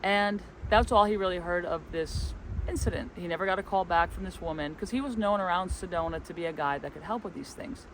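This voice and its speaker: Guy kinda high voiced, rambling story out in the woods, bit of wind noise. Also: fairly quick, hardly any pauses, rough recording. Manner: relaxed, rambling storyteller acting out quoted dialogue. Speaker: co-host of a spiritual travel channel. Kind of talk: casual outdoor storytelling. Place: outdoors in a forest, windy. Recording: light wind and outdoor background noise.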